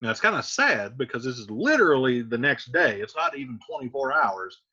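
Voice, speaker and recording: A man's voice: medium pitch, very animated, fairly quick, pushed and bright, slightly rough, muffled recording. A man teaching, explaining a play in a casual, conversational way with frequent fillers.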